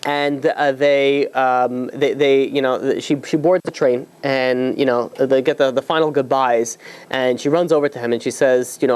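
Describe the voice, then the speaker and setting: A man's voice: mid-range voice, fairly even intonation, moderate pace, a little mellow, clear, resonant tone. A man, a rabbi, telling a story to an audience in a conversational way with many fillers and restarts.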